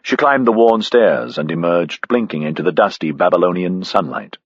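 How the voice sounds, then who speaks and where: A man reading an audiobook aloud as narrator, with measured, expressive delivery. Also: low-pitched, dry recording, muffled recording. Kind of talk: scripted narration.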